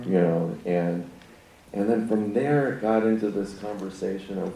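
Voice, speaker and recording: A man's voice: on the low side, normal speed, vocal fry, dark tone. A male film director telling a rambling, amused story on stage at a live Q&A in a cinema. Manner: rambling, self-correcting, amused. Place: cinema auditorium. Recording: distant roomy hall mic with faint noise.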